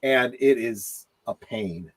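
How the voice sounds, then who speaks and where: A man's voice: mid-range voice, slow pace. A man chatting in a casual movie commentary with wry, dry jokes and hesitant fillers. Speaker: film commentator.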